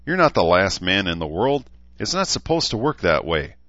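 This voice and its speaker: A man's voice: low voice, sing-song, normal speed, fairly bright tone, no echo, lo-fi sound. A man voicing a laid-back, teasing young guy. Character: tall young man, easygoing, teasing friend.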